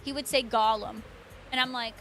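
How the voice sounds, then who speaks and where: High-pitched woman streamer just chatting w/ chat, giggly, replies to people by name, soft music behind. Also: moderate pace. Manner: chatty, laughs often, answers chat by name. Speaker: livestream host. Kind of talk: casual chat with live viewers.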